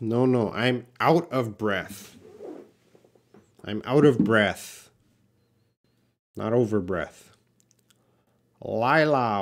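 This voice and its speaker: A man teaching English live, answering viewer questions one by one. He talks slowly and unhurriedly at a middle pitch, stopping to restart sentences and fill gaps as he works out each explanation. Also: lively intonation. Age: young adult. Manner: slow, patient explaining with restarts and fillers.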